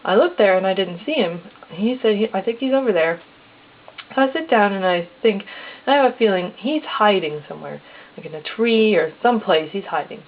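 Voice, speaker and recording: A woman's voice: medium pitch, brisk. A woman telling a casual personal story step by step, acting out the dialogue in plain quotes. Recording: tinny phone-like lo-fi recording.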